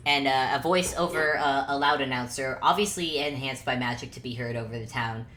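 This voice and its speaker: Low-voiced woman running a tabletop game. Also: a little fast, a bit bright, slight background noise. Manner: laid-back, hesitant narration. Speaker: game master. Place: at home.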